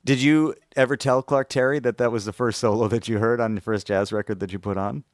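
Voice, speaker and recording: A man's voice: mid-range voice, fairly even intonation, fairly quick, no room sound. Reflective male podcast host, dry sound. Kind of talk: conversational interview.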